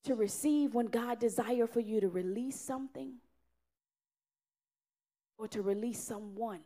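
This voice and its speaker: Casting: woman preacher, high voice, earnest sermon with loud rises and soft drops. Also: measured pace.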